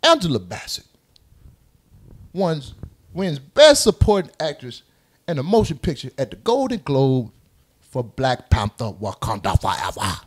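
A man hosting a casual group chat, loud and animated, laughing and cursing as he talks. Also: mid-range voice, unhurried, long pauses. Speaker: podcast host.

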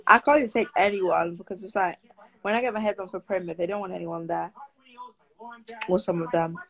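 A woman's voice: on the low side, steady tone, brisk, a bit bright, low-quality recording. A teenage girl from Britain, chatting casually on a live stream and answering viewer comments aloud.

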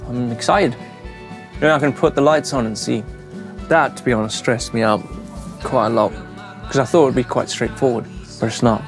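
A man's voice: medium pitch, moderate pace, gravelly, long pauses, over music. A young man vlogging his van build to camera, chatty and self-mocking, inside the van. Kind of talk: casual to-camera vlog. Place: inside a van being built.

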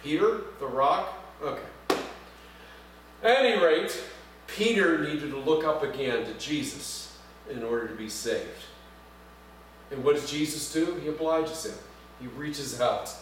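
A man's voice: on the high side, animated, measured pace, pauses often. A man preaching a sermon as pastor, talking conversationally, asking the congregation questions and making light jokes. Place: church sanctuary. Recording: echoey church from far off, faint hum.

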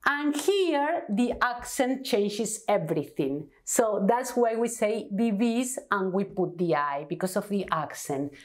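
A woman's voice: mid-range voice, darkish tone. A woman with an Argentine accent, a Spanish teacher explaining grammar patiently at a whiteboard, checking in often with the class. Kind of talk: whiteboard language lesson.

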